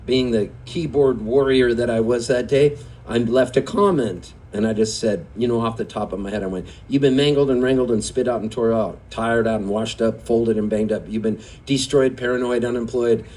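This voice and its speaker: A man's voice: mid-range voice, fairly even intonation, moderate pace, hardly any pauses, darkish tone. A singer-songwriter telling a rambling, chatty story on stage at a live music venue, laughing often as he goes.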